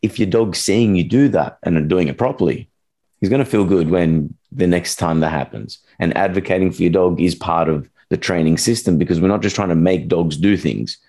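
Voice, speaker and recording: A young man who trains dogs and co-hosts a podcast chats casually and rambles, acting out quotes in funny voices. His voice sits low, moves a little fast and has a warm tone.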